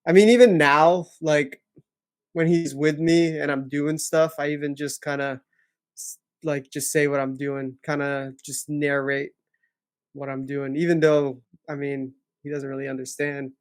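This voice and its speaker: A man's voice: a little high, fairly even intonation, unhurried, no echo, clean studio sound. A young man co-hosting a podcast in casual chat, laid-back and rambling, laughing often. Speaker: podcast co-host.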